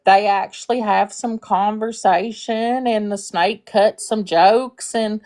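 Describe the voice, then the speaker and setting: Brief: earnest female caller, casual, relaxed storytelling. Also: mid-range voice, takes it slowly. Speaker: caller on a live stream.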